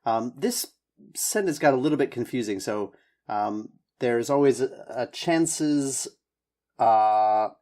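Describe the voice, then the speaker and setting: Man, English tutor, mid pitch, encouraging, hedging, filler-heavy. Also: lively intonation, takes it slowly, a little mellow. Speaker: English teacher giving speaking feedback. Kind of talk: spoken lesson feedback.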